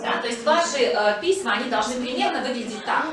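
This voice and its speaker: High-voiced woman teaching a class. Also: animated, fast talker, heavy reverb, recorded from a distance, a crowd in the background, poor audio. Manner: prompting pupils, switching to Russian to explain. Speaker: English teacher. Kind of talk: classroom lesson. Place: school classroom.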